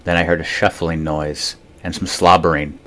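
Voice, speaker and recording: A man reading a children's picture book aloud, narrating in a soft, hushed way. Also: a bass voice, level tone, normal speed. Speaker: storytime reader.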